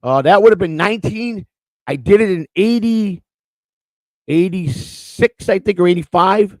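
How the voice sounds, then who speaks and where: A man's voice: high voice, a little slow, dry recording, poor audio. A man co-hosting a casual livestream chat, telling long rambling stories and often repeating words. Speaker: co-host.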